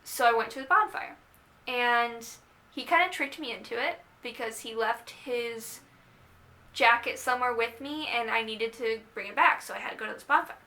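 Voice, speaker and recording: A young woman casually telling the story of how she started dating, chatty and animated, quoting herself and others as she goes. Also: on the high side, normal speed. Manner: chatty, animated retelling with quoted asides. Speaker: vlogger.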